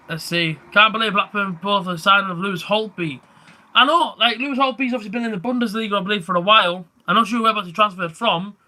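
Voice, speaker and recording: A young man chats through a live football reaction stream, rambling between the action and the viewers' comments. His voice sits high and sounds piercingly bright and sharp, with a loose, unscripted flow. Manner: rambling and chatty, livening up at big chances.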